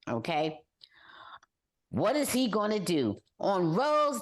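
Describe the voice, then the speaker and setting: An older woman co-hosting a casual podcast chat, talking in an animated way and mimicking people with exaggerated high wails. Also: a little slow. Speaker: podcast co-host.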